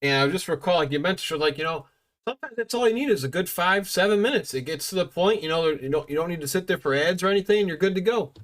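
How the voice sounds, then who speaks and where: Man, podcast host, quick rambling chat, slightly high voice. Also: animated, fairly bright tone. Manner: quick, rambling, many fillers and restarts.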